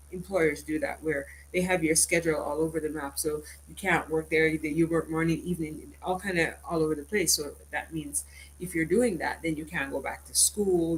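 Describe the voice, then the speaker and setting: A woman's voice: deep voice, a little hiss or hum, rough recording. A woman talking straight to her viewers in a casual, rambling vlog monologue, telling stories and acting out what other people said. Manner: rambling, animated storytelling with quoted asides. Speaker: vlogger.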